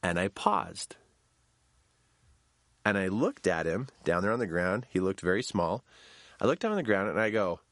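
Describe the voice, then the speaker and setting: A man telling a personal story in a storytelling talk, shouting quoted lines in a high voice. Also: animated, normal speed, long pauses, dry recording.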